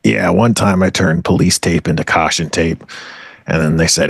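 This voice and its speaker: Very deep husky man, dry close mic. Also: normal speed, no echo. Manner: deadpan absurd storytelling with swagger. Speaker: comedy podcast co-host. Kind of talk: improvised comedic bit.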